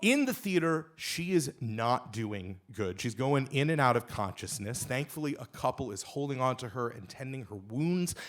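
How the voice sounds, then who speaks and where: Guy telling a wild story live on stage into a mic, mid-pitched, punchy and funny, gets loud on the big beats. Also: expressive, moderate pace, hardly any pauses. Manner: emphatic, comic delivery, rising to shouts at punchlines.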